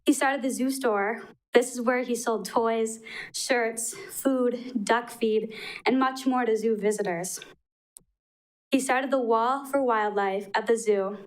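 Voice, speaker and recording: A woman's voice: fairly high pitch, takes it slowly, rough recording. A young woman from Wisconsin reading an earnest prepared tribute at a council meeting podium microphone, a little emotional. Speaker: public commenter. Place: council chamber.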